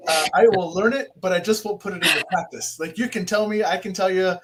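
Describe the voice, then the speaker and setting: A man with a notably high, light voice hosts a casual live interview, rambling and poking fun at himself. He stops and restarts his sentences often and sounds relaxed and conversational. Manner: rambling, self-deprecating, frequent restarts. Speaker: podcast host.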